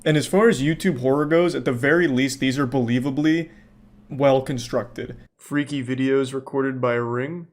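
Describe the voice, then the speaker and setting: A man in his thirties hosting a casual reaction commentary, telling stories in a profane, animated way. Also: mid-range voice, normal speed. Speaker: host reacting to videos.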